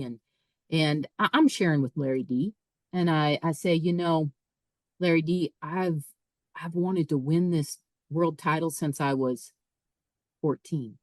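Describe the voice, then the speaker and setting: A woman, a podcast guest, telling a personal story in a lively way, often repeating and restarting her words. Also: sits low, no echo, rough recording. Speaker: podcast guest, author and speaker. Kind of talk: casual storytelling.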